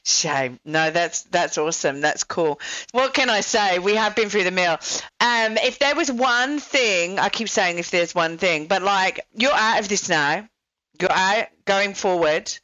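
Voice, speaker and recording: A woman's voice: mid-range voice, a little slow, sharp tone, no room sound, highs cut off. A woman hosting a podcast, chatting casually and filling her talk with "you know" and "like". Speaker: podcast host. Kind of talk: casual interview chat.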